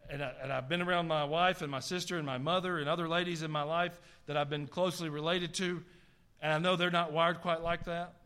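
A man's voice: a little high, steady tone, a little fast, sharp tone, clean tone. A middle-aged man with a Southern US accent, preaching a sermon as pastor, emphatic and folksy. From American South.

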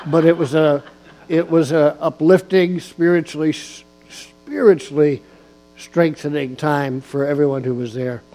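A man preaching a sermon in a church, speaking slowly and emphatically and repeating key phrases. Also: fairly high pitch, a little mellow. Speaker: guest preacher, district church official. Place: church sanctuary.

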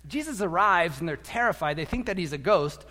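A man preaching a sermon as a pastor, animated, acting out quotes and repeating words as he goes. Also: fairly high pitch, brisk. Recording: echoey hall.

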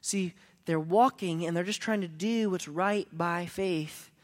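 A man preaching a sermon as a pastor, telling a story that swings between hushed lines and emphatic ones. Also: high-pitched, unhurried.

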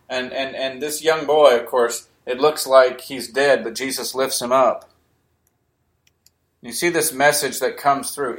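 A man's voice: medium pitch, measured pace, a bit bright. A man preaching a sermon, emphatic and repeating key phrases, sometimes raising his voice. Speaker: pastor. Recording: echoey room.

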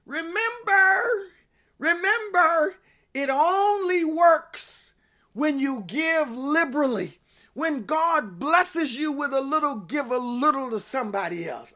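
A woman's voice: high voice, fairly bright tone. A woman preaching a sermon, emphatic and exclamatory, repeating scripture phrases for emphasis.

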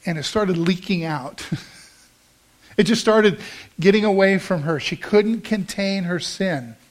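High-voiced man preaching a sermon. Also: unhurried. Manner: storytelling, conversational with emphatic rises. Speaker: pastor.

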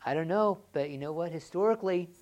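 A woman with a notably low voice preaches to a church congregation. She asks her listeners question after question, sometimes raising her voice with excitement and sometimes dropping to a quiet, earnest tone. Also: fast, dull audio. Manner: swings from loud excited rhetorical questions to quiet earnest talk. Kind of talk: sermon.

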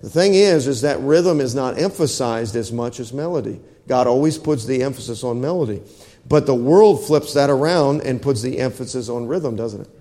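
A man's voice: medium pitch, moderate pace, warm tone, big-room sound. A man preaching a sermon to his congregation in a folksy manner, often checking in with questions. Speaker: pastor. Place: church hall.

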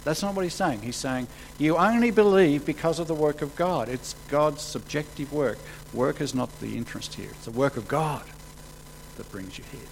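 A man preaching a sermon, acting out the quotes he reads with sudden rises in pitch and volume. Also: normal speed, creaky, a little hiss or hum, rough recording. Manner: animated, acts out quotes with sudden jumps in pitch and loudness.

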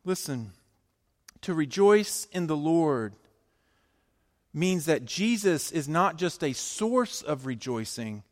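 A male pastor preaching a sermon, emphatic, swinging between loud declarations and hushed lines. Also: on the high side, big pitch swings, takes it slowly, pauses often, big-room sound.

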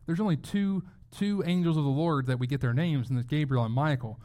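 Middle-aged guy preaching, chatty and animated, kinda high voice. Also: brisk, hardly any pauses. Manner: conversational, animated, acts out quotes. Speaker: pastor. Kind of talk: sermon.

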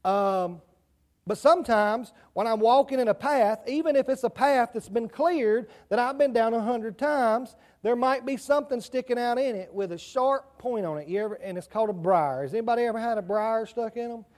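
A man with a country accent leads a children's sermon in a church sanctuary. His voice sits high, and he keeps it conversational, asking the kids questions and chatting with them as he goes. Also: moderate pace, darkish tone. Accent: rural Southern US country.

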